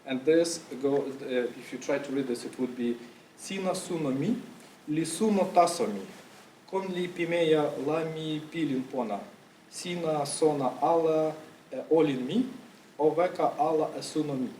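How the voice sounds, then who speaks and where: A man's voice: on the high side, moderate pace, dark tone, slight background noise. A man giving a casual conference talk to an audience, with loose phrasing, many fillers and restarts, and a cough now and then. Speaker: conference speaker. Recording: echoey room, voice from far off.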